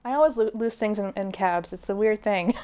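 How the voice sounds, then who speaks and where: A woman's voice: medium pitch, expressive, moderate pace, dark tone. A woman hosting an interview, asking questions in a hesitant way with many fillers and restarts. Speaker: podcast host, interviewer.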